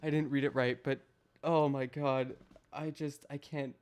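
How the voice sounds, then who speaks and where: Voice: medium pitch, flat delivery, a little slow, a little mellow, clean tone. A live streamer reading a document aloud to their chat, adding casual self-deprecating asides.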